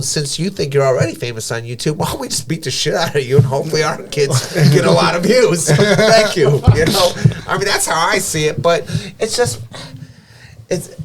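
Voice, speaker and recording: A man who is a professional boxer and gym owner, telling stories in casual podcast talk, swearing freely and acting out conversations. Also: a little high. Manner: animated storyteller, swears freely, acts out dialogue.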